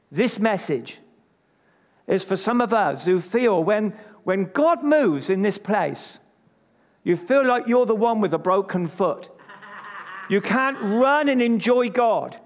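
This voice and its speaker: High-voiced, animated man preaching. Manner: emphatic, leads call-and-response with the congregation. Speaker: pastor. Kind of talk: sermon. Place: church service before a congregation. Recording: long reverb of a large hall.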